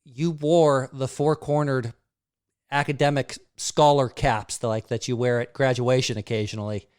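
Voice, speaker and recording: Smooth-voiced male interview host. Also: medium pitch, steady tone, a little mellow, no echo, clean studio sound. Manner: measured, hesitant questions with many fillers. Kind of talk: conversational interview.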